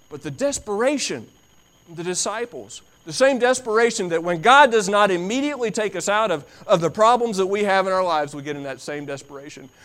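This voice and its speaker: Emphatic man preaching a sermon. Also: on the high side. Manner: emphatic, repeating phrases for stress; builds from quiet to loud, dramatic.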